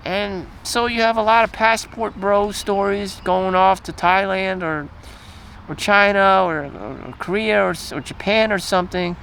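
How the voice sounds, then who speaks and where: Very high-voiced man ranting crudely. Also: a little slow, creaky, a bit bright, slight background noise. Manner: crude, repetitive, agitated rant with frequent swearing. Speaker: vlogger. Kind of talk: profane ranting monologue.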